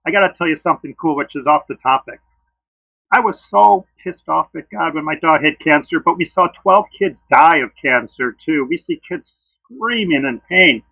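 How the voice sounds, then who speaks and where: A man with a somewhat high, gravelly, husky voice makes his case for creation in a friendly debate. He talks earnestly and tells personal stories. The recording is dull and lo-fi. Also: expressive, normal speed, no room sound. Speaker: creationist speaker. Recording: dull lo-fi dry sound.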